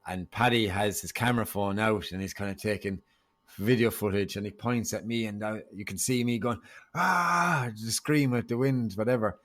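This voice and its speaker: A man's voice: fairly low pitch, fairly even intonation, a little fast. An Irish man, a podcast guest, telling a story in casual chat and acting out the dialogue. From Ireland.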